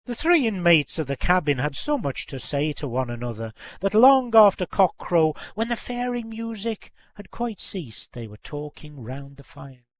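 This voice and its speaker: A man reading a folk tale aloud in a measured, expressive way. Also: fairly high pitch, no room sound. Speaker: storyteller.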